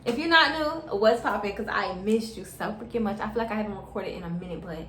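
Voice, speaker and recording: A woman's voice: medium pitch, steady tone, fast, slight background noise. A young adult woman telling a story to her viewers in a casual, slangy way, often calling them y'all. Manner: chatty, slangy, keeps addressing viewers as y'all. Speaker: vlogger. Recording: echoey room.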